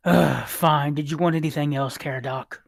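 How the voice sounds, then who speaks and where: A tabletop game master voicing a grumpy old human fruit merchant in his late sixties who scolds gruffly. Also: mid-range voice, normal speed, no echo. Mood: grumbling.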